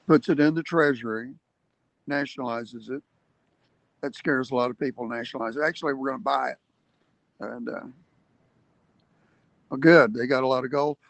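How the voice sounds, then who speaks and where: Earnest, slightly high-voiced man explaining. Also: no echo, rough recording. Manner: earnest, explanatory, emphatic, with hesitant fillers. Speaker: activist speaker. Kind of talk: livestream advocacy talk.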